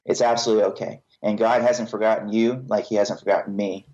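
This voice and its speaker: A man with a somewhat low voice talks candidly as a podcast guest, earnest and self-deprecating. The audio is muffled and lo-fi. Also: steady tone, fast talker, a little mellow. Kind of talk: candid personal testimony.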